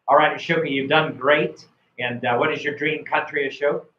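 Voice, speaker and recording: Speaking at a normal speed in a fairly high, steady voice, a man gives feedback following a speaking test. This IELTS examiner and coach praises his student, often stumbling into repeated words and restarted sentences, and the recording sounds roomy, dull and lo-fi.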